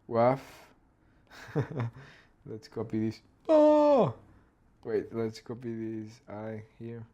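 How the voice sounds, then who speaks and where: Hoarse man muttering while animating. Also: lowish voice, level tone, takes it slowly, warm tone, lo-fi sound. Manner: thinks aloud, mutters, mimics barks. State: hoarse throat. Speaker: animator streaming his work. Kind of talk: casual narrated work session.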